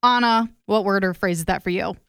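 A woman's voice: mid-range voice, brisk, fairly bright tone, a little hiss or hum. A young woman in her twenties co-hosting a radio show, chatting casually and poking fun at herself. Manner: self-deprecating, chatty. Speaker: radio co-host.

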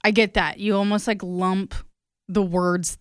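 A woman's voice: mid-range voice, little pitch movement, measured pace, clear, resonant tone, dry recording, studio quality. A young woman in her twenties co-hosting a radio show, chatting casually and poking fun at herself. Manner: self-deprecating, chatty. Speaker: radio co-host.

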